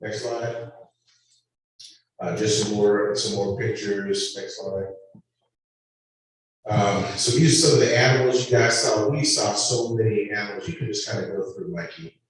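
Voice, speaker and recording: A man's voice: fairly low pitch, unhurried, long pauses. A man sharing a mission trip story at a church panel, casual and full of ums, narrating over slides. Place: church hall. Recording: echoey hall from far off, faint noise.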